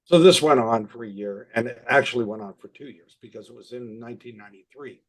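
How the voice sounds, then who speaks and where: In a podcast interview, a marketing consultant in his sixties tells animated stories full of quoted dialogue. He has a mid-range voice and talks fast.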